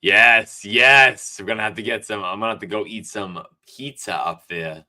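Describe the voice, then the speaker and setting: A man co-hosting a gaming podcast, telling stories in a casual, profane, animated way. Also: on the low side, moderate pace. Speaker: podcast co-host. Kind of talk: casual chat.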